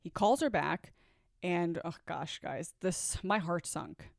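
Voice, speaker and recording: A woman with a deep voice tells a personal story, candid and reflective, acting out what people said. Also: slow, gravelly, dry recording, clean studio sound. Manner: candid, reflective, acts out quoted dialogue. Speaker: vlogger telling her own story. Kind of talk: storytime vlog.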